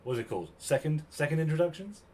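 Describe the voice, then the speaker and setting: A man's voice: on the high side, quick pace. Chatty British man telling a story. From Cornwall, England. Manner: chatty, animated retelling with quoted voices. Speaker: streamer. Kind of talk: casual storytelling to chat.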